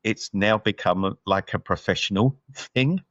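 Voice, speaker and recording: A man's voice: fairly low pitch, normal speed, a bit bright, no echo, lo-fi sound. A man co-hosting a podcast, chatting casually about a film and thinking aloud with lots of fillers. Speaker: podcast co-host. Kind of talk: casual film review chat.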